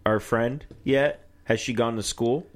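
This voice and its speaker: A man's voice: medium pitch, fairly even intonation, unhurried. A man hosting a casual podcast, talking loosely, laughing often and swearing freely. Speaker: podcast host. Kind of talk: casual chat.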